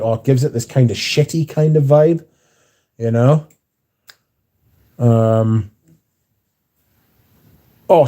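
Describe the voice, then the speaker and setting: A man's voice: mid-range voice, mellow. A man hosting a casual livestream, reading out chat messages in a blunt, mouthy way with frequent swearing. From not American. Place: bar, windy.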